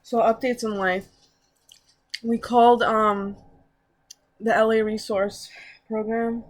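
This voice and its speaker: A woman's voice: fairly high pitch, level tone, slow. Rambling, self-mocking young woman eating on camera. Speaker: mukbang vlogger. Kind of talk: casual eating-show chat. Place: at home.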